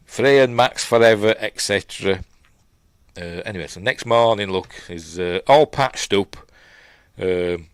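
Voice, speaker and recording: A man's voice: fairly low pitch, dry recording. A middle-aged man with a Yorkshire accent, casually recapping and reviewing a film in a rambling, chatty way full of fillers and asides.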